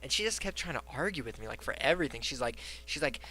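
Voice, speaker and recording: A man hosting a casual podcast, telling a story in an animated way and swearing casually. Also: medium pitch, fast. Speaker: podcast host.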